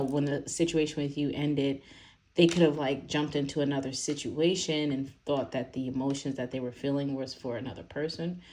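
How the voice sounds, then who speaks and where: A woman with a low, deep voice gives a casual tarot reading. She rambles and talks loosely, full of fillers and little laughs. She sounds young. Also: darkish tone. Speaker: tarot reader.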